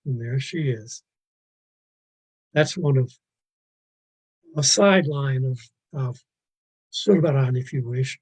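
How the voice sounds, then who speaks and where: A man's voice: medium pitch, darkish tone, husky, rough recording. A man lecturing on paintings in a virtual museum talk, wandering off on asides, restarting his sentences and poking fun at himself. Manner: digressive, self-deprecating, stumbling restarts. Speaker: art lecturer.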